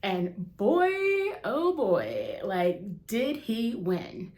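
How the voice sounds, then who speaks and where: A woman's voice: medium pitch, huge pitch swings, drawn-out words, a little mellow. A woman in her thirties hosting a wrestling talk show, gushing and emotional, calling her viewers "you guys" and exclaiming "oh my gosh.". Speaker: wrestling vlogger. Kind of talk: excited casual chat to camera. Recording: echoey room.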